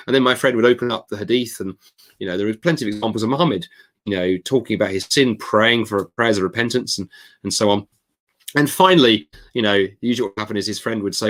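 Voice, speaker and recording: A man speaking as a guest author in an interview, telling a story in an animated, emphatic way. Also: lowish voice, quick pace. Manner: animated, acts out quoted voices; emphatic, expressive. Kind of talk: conversational storytelling.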